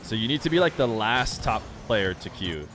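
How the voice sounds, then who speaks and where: Young male streamer, lowish voice, easygoing rambling chat with viewers, game music clearly under him. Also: moderate pace. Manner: relaxed, rambling, talks straight to chat. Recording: music playing clearly behind the voice.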